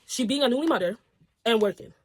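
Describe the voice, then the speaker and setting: A woman's voice: on the high side, animated, quick pace, breathy edge. A young woman reading online posts aloud and reacting in a casual, outspoken way, swearing and getting heated. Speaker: storytime reactor.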